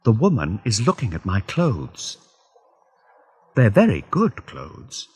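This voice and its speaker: Slow, husky male storyteller. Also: on the low side, huge pitch swings, darkish tone. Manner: deliberate, clearly spaced phrasing. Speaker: reader. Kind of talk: slow graded-reader story narration for learners.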